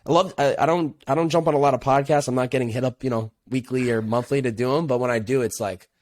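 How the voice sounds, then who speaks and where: A young man talks through his path in a relaxed, earnest voice, dropping casual slang as he reflects. His voice sits at an everyday middle pitch. The sound is close and dry, with no room around it. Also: fast talker, no room sound. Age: young adult. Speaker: podcast guest. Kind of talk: casual interview conversation.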